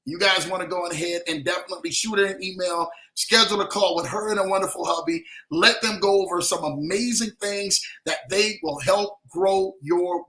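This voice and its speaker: A man's voice: high voice, sharp tone. A man hosting a livestream show, hyped and repeating phrases as he calls out viewers by name. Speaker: host. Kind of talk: upbeat livestream talk. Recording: roomy echo.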